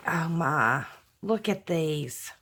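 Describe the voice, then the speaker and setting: A woman's voice: deep voice, animated, drawn-out words, fairly bright tone, a little hiss or hum. A middle-aged woman, chatting to her viewers in a casual vlog and gushing over fan mail. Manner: gushing, effusive, sighing with emotion. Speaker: crafting vlogger opening fan mail. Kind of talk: casual unboxing chat to viewers. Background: crinkling paper and packaging.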